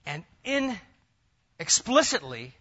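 A pastor preaching a sermon, swinging between loud emphatic bursts and hushed, near-whispered lines. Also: male voice, sits high, big pitch swings, slow pace. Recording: dull lo-fi church recording.

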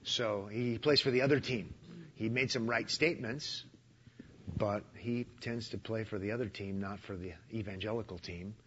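A man with a fairly low voice talks bluntly and thinks aloud in an interview, dropping in dry humor. The recording sounds muffled, with a faint hiss underneath. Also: moderate pace, a bit bright. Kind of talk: conversational radio interview.

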